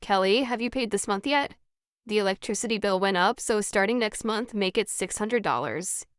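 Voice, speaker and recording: A cold, demanding mother who talks down to her daughter, read by a woman narrator. The voice is smooth and clear, with a close, dry sound, and every line comes out dismissive and lecturing. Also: mid-range voice, moderate pace, dry recording, natural voice.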